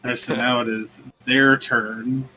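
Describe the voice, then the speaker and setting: A man's voice: medium pitch, little pitch movement, measured pace, sharp tone, faint music behind. A man running a live tabletop game as game master, making blunt rulings with casual swearing and jokes.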